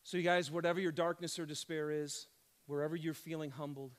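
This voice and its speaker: A man preaching a sermon, conversational and animated, swinging from loud excited questions to hushed emphatic lines. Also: on the high side, a little fast. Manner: conversational, addresses crowd as "you guys". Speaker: pastor.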